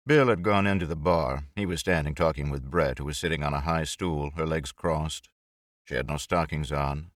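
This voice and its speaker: Deep-voiced male audiobook narrator; measured, expressive, very dry close read. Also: dry recording.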